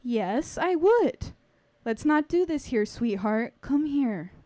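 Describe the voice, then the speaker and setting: A woman voicing her calm, coaxing middle-aged mother. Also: high voice, slow pace, dry recording, full character voice. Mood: soothing.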